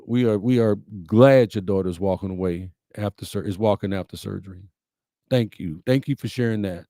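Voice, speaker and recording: Guy hosting a live stream, folksy and heartfelt, dark mellow voice, pretty dry sound. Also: fairly low pitch, moderate pace, no echo. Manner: folksy, heartfelt, preacherly, addresses viewers as y'all. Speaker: host of a live-streamed message show. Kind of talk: casual livestream talk, reading viewer comments.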